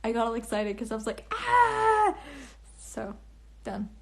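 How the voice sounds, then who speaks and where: A woman's voice: on the high side, flat delivery, brisk, creaky, darkish tone. A young woman casually chatting on a phone livestream, answering comments in a bubbly, rambling way with lots of restarts and laughs. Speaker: livestream host and author. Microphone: phone camera.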